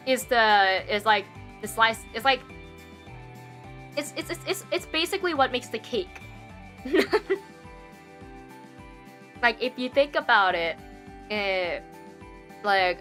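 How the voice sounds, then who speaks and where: A young woman chats on a livestream in a bright, lively voice that swings widely in pitch. She rambles through her thoughts, stacking fillers and breaking into frequent giggles. Faint music plays underneath. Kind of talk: casual stream chat.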